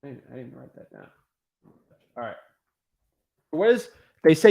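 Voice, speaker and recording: A young man coaches real estate wholesaling on a live stream, his warm voice fairly high and swinging widely in pitch at a normal speed. He is emphatic and repetitive, hammering his points home and acting out callers' voices in this energetic teaching session.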